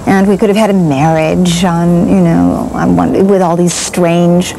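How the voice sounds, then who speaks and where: Mellow-voiced actress reminiscing. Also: female voice, fairly low pitch, fairly even intonation, vocal fry, slight background noise, rough recording. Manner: halting, with frequent restarts and chuckles. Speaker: actress being interviewed. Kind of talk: reminiscing interview chat.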